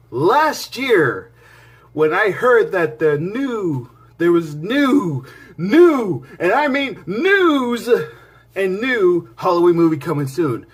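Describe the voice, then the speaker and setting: Rambling, excitable man reviewing a movie. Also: high-pitched. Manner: excitable and rambling, with many restarts and asides; enthusiastic fan, swings between loud bursts and quiet mutters. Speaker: movie reviewer and channel host. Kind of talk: casual spoken movie review.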